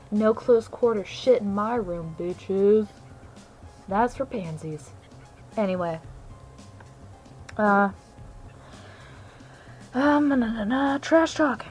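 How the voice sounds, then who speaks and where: A woman's voice: fairly high pitch, low-quality recording. A young woman gamer ranting to camera in a brash, sarcastic, profane way about trash talk in online games. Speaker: gamer vlogger. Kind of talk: casual ranting monologue. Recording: faint music underneath.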